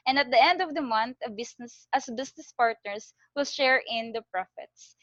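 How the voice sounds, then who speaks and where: A woman playing a calm generous rich man. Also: fairly high pitch, moderate pace, no echo, close to an everyday voice. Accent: Filipino. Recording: dull lo-fi dry recording.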